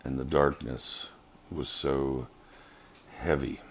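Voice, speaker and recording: Male vlogger with a very deep, monotone voice and an unhurried, earnest, halting delivery; suits a personal testimony. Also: gravelly, slight background noise.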